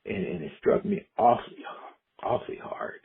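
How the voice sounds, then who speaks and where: A man from Decatur, Illinois, an educator, telling his life story in a reflective oral history interview with frequent restarts. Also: moderate pace. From Decatur, Illinois, USA. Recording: muffled phone-like audio.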